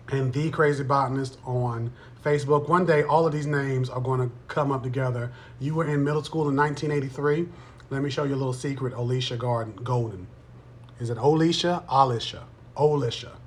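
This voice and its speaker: A man in his thirties hosting a live stream, chatting casually with viewers in a playful, teasing way. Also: medium pitch. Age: 30s.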